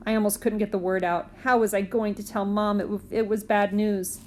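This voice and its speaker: A woman reading a children's book aloud in a clear, steady storytelling manner. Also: medium pitch, moderate pace. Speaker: reader.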